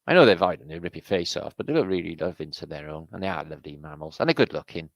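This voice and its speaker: Deep, gravelly British man rambling excitedly. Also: quick pace, few pauses, no echo. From Britain. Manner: rambling, excitable, swears freely. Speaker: host. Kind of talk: casual commentary on pictures.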